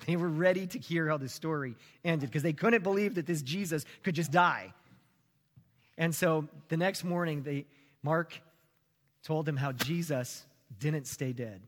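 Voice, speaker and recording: A man preaching a sermon as a pastor, telling a story with animated, rising emphasis. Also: high voice, unhurried, in a large hall.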